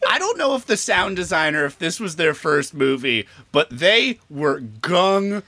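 A man's voice: a little high, sing-song, measured pace, sharp tone, dry recording. A man co-hosting a comedy podcast, making wry, joking remarks about a movie's sound design. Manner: wry, joking, swearing asides. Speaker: podcast co-host. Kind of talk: casual comedic movie recap.

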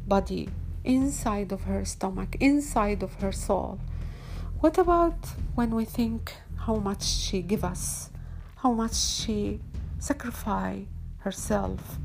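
A woman giving an unscripted, heartfelt monologue as an online broadcaster, earnest and halting, with frequent pauses and fillers. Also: medium pitch, creaky.

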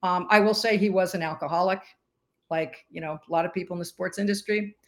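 A woman in her sixties, a podcast guest, telling stories in a lively interview chat and acting out what others said. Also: on the low side, fairly quick. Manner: animated storyteller who acts out quoted voices.

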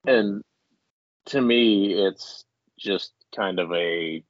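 A man's voice: on the low side, extremely slow, no echo, dull audio. A man co-hosting a casual podcast chat at home, rambling with many restarts and frequent laughs. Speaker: podcast co-host. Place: indoors at home.

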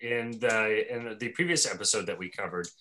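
A man's voice: lowish voice, moderate pace, crowd noise. A man hosting a podcast in casual chat, joking and rambling with frequent laughter. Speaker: podcast host.

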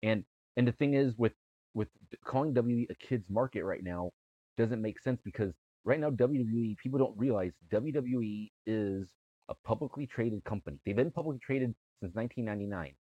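A man's voice: mid-range voice, a little fast, no room sound, phone-quality sound. A man co-hosting a wrestling podcast in casual chat, rambling and restarting his sentences. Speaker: podcast co-host.

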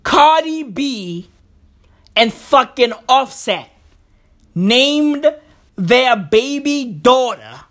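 Woman for a profane comedic rant: high voice, takes her time, keeps circling back to the same line. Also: animated, extremely slow, pauses often. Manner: profane, repetitive, rambling outbursts.

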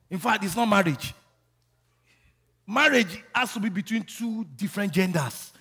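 A man preaching a sermon, calling on the congregation to repeat after him and building to shouts. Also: sits high, moderate pace, pauses often, slightly rough. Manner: rising to shouting, call-and-response. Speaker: pastor.

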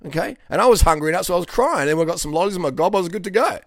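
A man's voice: sits high, lively intonation, rapid-fire, no echo, studio quality. A middle-aged man from Western Australia, a coach talking bluntly and profanely, often asking "okay?". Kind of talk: casual monologue to camera.

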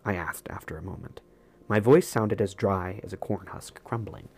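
A man reading a first-person story as an audiobook narrator, in a measured, reflective way. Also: on the low side, gravelly, a little mellow.

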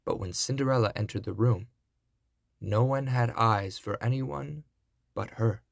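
A man reading a classic fairy tale aloud, in a deliberate storybook narration. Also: mid-range voice, creaky, dry recording, clean studio sound.

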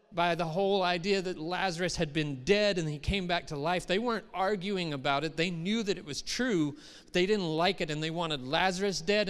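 Clear and resonant, the high-sitting voice of a middle-aged pastor moves from conversational preaching into emphatic quoted voices. The recording carries a long hall reverb.

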